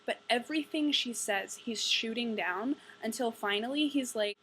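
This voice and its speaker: A woman's voice: a little high, moderate pace, few pauses, a bit bright, slight background noise, poor audio. Young woman ranting about a book, sarcastic and fed up, swears a lot. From United States. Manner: exasperated, sarcastic, profane. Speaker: book reviewer vlogger. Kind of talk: casual ranting book review.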